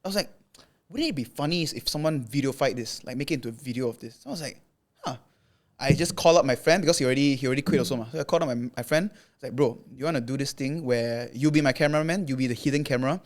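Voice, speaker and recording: Speaking quickly in a medium register, this young man from Malaysia is a content creator guesting on a podcast. His long, easygoing anecdote is animated, full of filler words, and punctuated by acted-out lines of dialogue.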